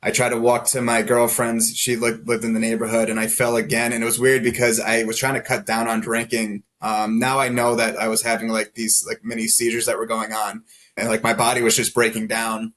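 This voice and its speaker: A man's voice: medium pitch, completely flat delivery, a little fast, fairly bright tone. Male podcast guest, mid-range voice, rambling candid storyteller, self-deprecating. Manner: rambling, heavy use of "like" fillers; self-deprecating, laughs at himself.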